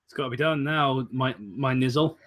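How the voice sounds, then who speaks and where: A man's voice: mid-range voice, moderate pace, fairly bright tone. A man co-hosting a livestream, making dry, sarcastic jokes. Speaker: co-host. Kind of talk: casual banter on a livestream.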